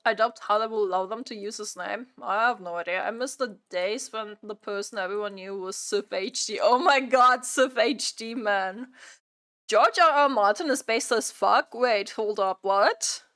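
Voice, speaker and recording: A woman streamer chatting during a live reaction stream, exasperated and repeating her own phrases out loud. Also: mid-range voice, moderate pace.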